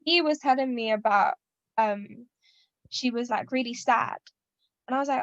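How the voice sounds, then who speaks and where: A young woman rambles through a story on a podcast and slips into the voices of the people in it. Her voice sits a little high. The sound is dry and a bit dull. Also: moderate pace, pauses often, no room sound. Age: 20s. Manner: rambling, animated, acts out quotes. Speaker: podcast co-host. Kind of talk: casual chat, storytelling.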